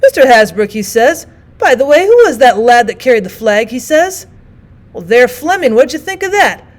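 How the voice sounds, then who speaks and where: A woman's voice: fairly high pitch, moderate pace. A woman voicing an eager young soldier telling big news and mimicking officers' voices. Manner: excited storytelling, mimicking others.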